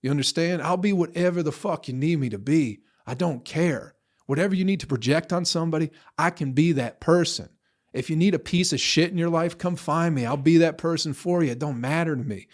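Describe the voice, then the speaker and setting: A man's voice: fairly high pitch, brisk. A man hosting his own podcast, ranting alone in a heated, profane way. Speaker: comedian podcast host. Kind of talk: solo podcast rant.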